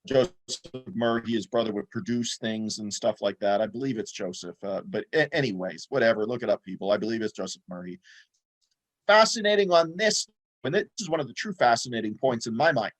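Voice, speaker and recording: A man's voice: mid-range voice, brisk. Man, co-host, loose rambling talker, everyday mid-range voice, movie podcast banter. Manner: rambling, many fillers and restarts. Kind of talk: casual movie podcast chat.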